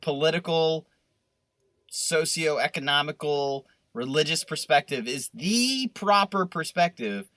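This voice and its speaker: Bright-voiced man riffing on a podcast. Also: a little high, unhurried, no echo. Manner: riffing, profane, animated rants. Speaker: podcast co-host. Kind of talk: casual podcast banter.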